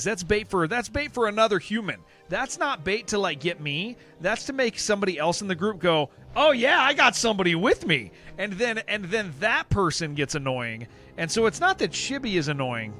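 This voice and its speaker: A man livestreams an online game, chatting casually and rambling to viewers, often repeating himself and responding to chat. His voice sits high and is a bit bright.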